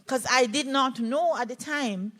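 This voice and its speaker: An older Jamaican woman, a play therapist, telling a personal story in an animated way at a conference talk. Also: high-pitched, unhurried. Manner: animated storytelling, voices quoted speakers. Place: conference hall.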